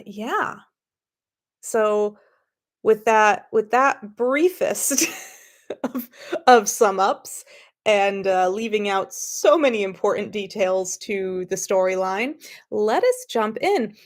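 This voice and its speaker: A woman's voice: mid-range voice, slow. A woman, the author of the story, who gives a chatty summary with fillers and restarts and then reads her story aloud. She is slightly sniffly and not a professional narrator. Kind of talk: casual story introduction and reading.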